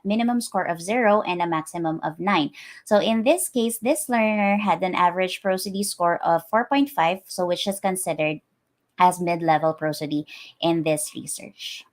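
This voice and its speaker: A woman presenting her research in a lecture, explaining carefully with frequent ums and uhs. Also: mid-range voice. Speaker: academic presenter.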